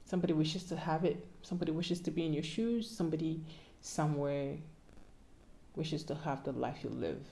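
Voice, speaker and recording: A woman's voice: deep voice, a little fast, vocal fry, warm tone. A young Ghanaian woman vlogging casual advice in a playful, pleading way that sometimes sounds like a sermon.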